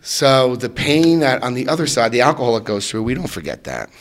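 A middle-aged man telling his recovery story to a room, animated, swinging between loud and soft and acting out voices. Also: medium pitch, fairly quick. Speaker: recovery speaker.

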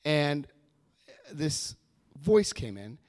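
A man giving a personal testimony at a recovery meeting, telling his story with animated energy and acting out what people said. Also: fairly high pitch, extremely slow. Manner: animated storytelling, acts out quoted voices. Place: meeting room before a live audience.

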